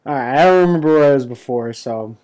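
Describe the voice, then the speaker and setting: A young man talking through a comic chapter in a loose, excited ramble. He swears freely and keeps tripping over his words with fillers and restarts. His voice sits at an ordinary middle pitch for a man. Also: fast talker. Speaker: manga chapter reviewer. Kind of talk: casual recap and commentary.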